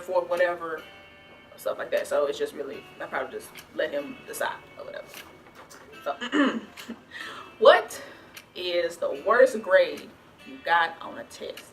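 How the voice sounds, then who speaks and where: A woman's voice: lowish voice, a little slow, faint music behind. A young woman from the American South answering viewer questions in a chatty, rambling vlog, full of restarts and "like". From Southern United States. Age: young adult. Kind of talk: casual Q&A vlog.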